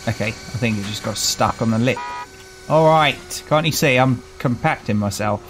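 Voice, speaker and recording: Speaking at a normal pace in a slightly bright, mid-range voice, this British man provides easygoing let's-play commentary for his gaming channel, saying hello to characters along the way with a chatty, wry humor. Audio quality is low, with slight background noise.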